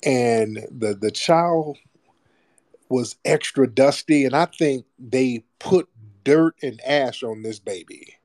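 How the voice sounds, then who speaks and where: A man's voice: mid-range voice, slow, darkish tone, no room sound. A man hosting a call-in show, speaking in a blunt, profane and preachy manner in a casual monologue.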